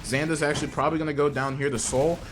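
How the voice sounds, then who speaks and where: A man casting a live esports match, excitable and joking, with lots of slang and repetition. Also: fairly high pitch, rapid-fire, background noise. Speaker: esports caster. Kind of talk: live play-by-play commentary.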